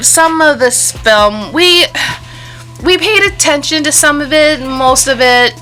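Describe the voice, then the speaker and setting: A young woman hosting a casual movie review, animated and sarcastic. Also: sits high, unhurried, soft background music. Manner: animated, sarcastic, laughs often. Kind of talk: casual film review chat.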